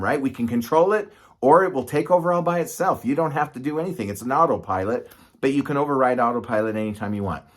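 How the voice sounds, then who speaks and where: Middle-aged male physician, casual explainer who is talky and checks in with listeners. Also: mid-range voice. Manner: conversational, asks "right?" often, gestures to demonstrate. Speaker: doctor explaining medicine.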